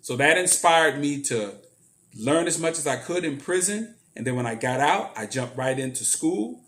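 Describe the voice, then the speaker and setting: A man's voice: a little high, expressive, moderate pace, fairly bright tone. Earnest man telling his story. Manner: earnest, emphatic storytelling with repetitions. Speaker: motivational speaker. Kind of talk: personal story monologue.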